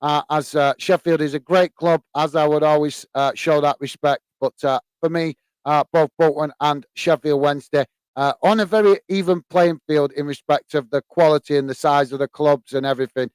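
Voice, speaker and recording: Here a man from England talks at a normal speed with a fairly high, even, smooth delivery, barely pausing, with no room sound. He hosts a live football watch-along, chatting to viewers and giving loose play-by-play stuffed with fillers, then bursting into shouts at goals.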